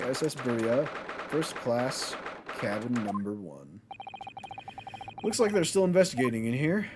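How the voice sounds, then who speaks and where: A man's voice: mid-range voice, sing-song, unhurried, long pauses, noisy background. A man casually commenting while playing a game, with laid-back mumbled asides, game music behind. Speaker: streamer.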